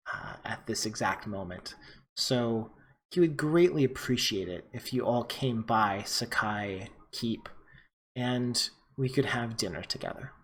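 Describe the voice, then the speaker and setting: A man voicing a formal, polite male vampire who speaks quietly. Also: medium pitch. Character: courteous, formal male vampire lord's envoy.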